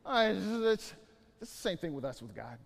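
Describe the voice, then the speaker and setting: A man preaching a sermon, telling stories with animated swings between loud bursts and quiet asides. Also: high-pitched, moderate pace, gravelly, big-room sound. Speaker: pastor.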